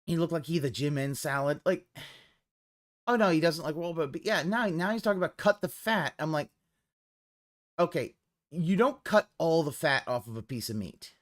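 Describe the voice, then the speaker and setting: A man's voice: a little high, animated, moderate pace. Rambling, profane man streamer. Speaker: streamer reacting to a clip. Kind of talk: casual live-stream commentary.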